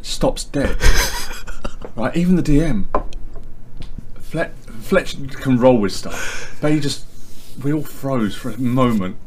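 A man telling a lively anecdote as a podcast guest, acting out his friends' lines. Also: medium pitch, slight background noise. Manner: animated storyteller, acts out friends' lines.

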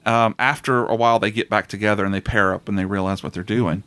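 A man's voice: lowish voice, steady tone, quick pace, bright, forceful tone, smooth, no room sound. Rambling man chatting about movies. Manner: rambling, restarts often, laughs a lot. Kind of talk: casual chat about movies.

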